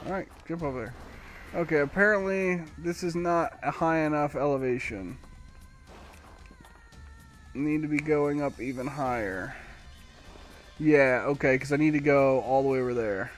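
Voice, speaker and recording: A man live-streams a video game, rambling wryly to himself as he plays. His voice is a little high, at normal speed with frequent pauses, and faint music plays behind him.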